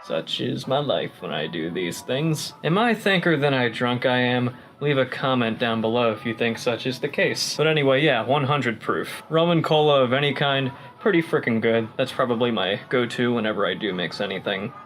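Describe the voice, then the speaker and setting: A man's voice: mid-range voice, normal speed, hardly any pauses, a bit bright, faint music behind, rough recording. Tipsy young man rambling to camera. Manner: joking, rambling, swears freely. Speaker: vlogger. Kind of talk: casual rambling vlog.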